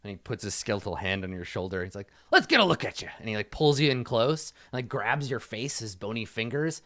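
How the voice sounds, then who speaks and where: A man's voice: on the low side, brisk. A man narrating a tabletop game as dungeon master, in a loose style full of fillers and "like". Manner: loose and filler-heavy, uses "like" often.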